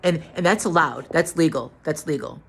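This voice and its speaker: A tired, drained woman telling a story to the camera in a halting way, repeating words and restarting. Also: low voice, a bit bright, slightly rough. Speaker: vlogger.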